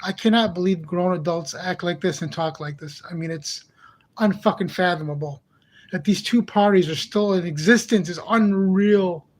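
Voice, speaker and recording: Brief: high-pitched man hosting his channel, angry profane rant, exasperated and repetitive. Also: moderate pace. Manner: heated, profane, ranting. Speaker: channel host. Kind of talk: angry monologue vlog.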